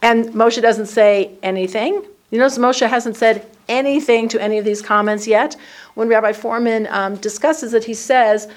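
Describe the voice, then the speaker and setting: A woman's voice: on the high side, normal speed. A woman teaching a conversational Bible study class to a group, acting out the dialogue in the text as she explains it. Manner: lively, acts out the dialogue in the text.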